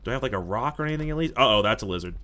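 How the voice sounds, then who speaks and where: Excitable young man swearing through gameplay. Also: mid-range voice, racing. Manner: excitable, swears often, talks to himself. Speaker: gaming YouTuber. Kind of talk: live gameplay commentary.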